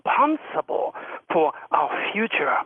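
A man's voice: on the high side, big pitch swings, unhurried, husky. A middle-aged man telling personal stories earnestly as a radio guest, often repeating words as he goes. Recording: phone-line call, dry.

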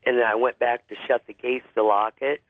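A man with a deep voice and a cold, calling in to tell a spooky story, halting with lots of fillers. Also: steady tone, no echo. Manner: halting, many fillers and restarts. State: has a cold. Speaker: caller. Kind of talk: phone-in ghost story. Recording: phone line.

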